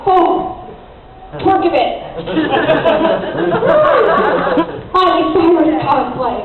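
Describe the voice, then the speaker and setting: A young woman giving a casual convention panel talk, joking and teasing as she goes. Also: high voice. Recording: echoey, distant, tinny audience recording.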